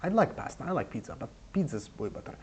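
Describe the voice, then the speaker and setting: A young man giving casual advice in a goofy, rambling way, speaking deliberately broken English. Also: medium pitch, big pitch swings, slight background noise. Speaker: advice vlogger.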